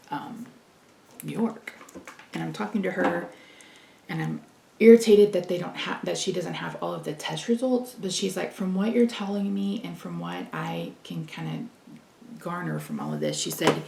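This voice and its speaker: A woman's voice: fairly low pitch, creaky, a little mellow, a little hiss or hum. A middle-aged woman vlogger telling a candid, exasperated story in casual chat, laughing often and acting out what people said. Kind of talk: casual storytelling while doing makeup.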